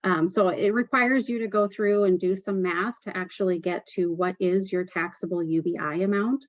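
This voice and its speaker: A woman's voice: lowish voice, fairly even intonation, normal speed, dry recording, dull audio. A woman presenting a tax webinar, explaining step by step with frequent "um" fillers.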